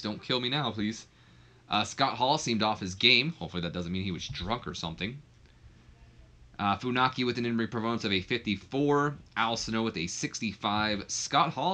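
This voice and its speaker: A man's voice: medium pitch, sharp tone. A man giving casual, offhand commentary on a wrestling simulation game. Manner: chatty, offhand, with fillers and asides. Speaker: let's play commentator.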